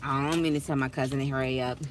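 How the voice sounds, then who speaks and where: A woman vlogging from inside her car, telling stories to her viewers in a chatty, animated way and laughing often. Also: a bass voice, quick pace, noisy background. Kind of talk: casual chat while driving.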